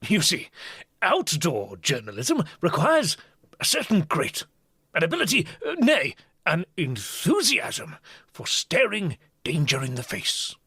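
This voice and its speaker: A woman's voice: low voice, wildly swooping pitch, measured pace, fairly bright tone, breathy edge, no room sound, clean studio sound, full character voice. A woman voicing a pompous, greedy male tomcat news co-host, grand and dramatic in manner. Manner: grandiose, dramatic, easily panicked.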